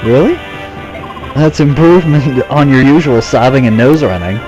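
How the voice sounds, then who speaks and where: A man's voice: medium pitch, normal speed, a little mellow, muffled recording, close to an everyday voice. A man voicing an earnest, protective young male mercenary hero, close to his own voice, over game music.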